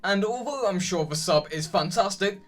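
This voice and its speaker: Young male video essayist; chatty, opinionated, a touch high-pitched. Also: animated, normal speed, soft background music. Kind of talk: scripted video essay narration.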